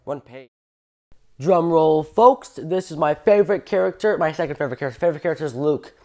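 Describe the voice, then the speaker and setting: An eager train enthusiast chatting through a casual fan video at a middling pitch. They ramble happily, trip over details and correct themselves mid-sentence. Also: lively intonation, racing, darkish tone. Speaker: train fan channel host.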